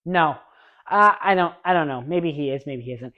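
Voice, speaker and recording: A man's voice: fairly high pitch, moderate pace, phone-quality sound. A man in his late twenties talking casually and eagerly about his favorite movies, rambling with restarts and asides. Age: late 20s. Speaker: YouTube movie reviewer. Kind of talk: casual movie review vlog.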